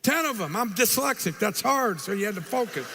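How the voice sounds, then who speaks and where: An older man giving a live motivational speech, an animated storyteller who acts out quotes and throws in punchy asides. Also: high voice, brisk, creaky, noisy background. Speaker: motivational speaker. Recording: hall reverb, faint ambience.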